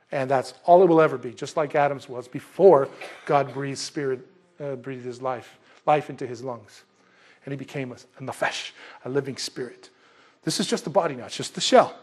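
Husky animated man preaching. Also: mid-range voice. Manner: animated, conversational, acts out scenes. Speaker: pastor. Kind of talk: expository sermon.

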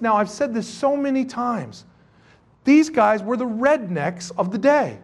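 A man preaching a sermon to his congregation, animated and joking, with many rhetorical questions. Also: very high-pitched, a little slow. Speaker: pastor.

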